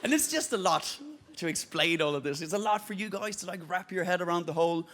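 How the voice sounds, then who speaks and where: Danish comedian with an Irish-tinged accent. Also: male voice, sits high, fast talker. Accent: Irish-tinged English. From Denmark. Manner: self-deprecating, animated storytelling with voices. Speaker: stand-up comedian. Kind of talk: stand-up comedy set. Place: comedy stage. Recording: loud background noise from a live show.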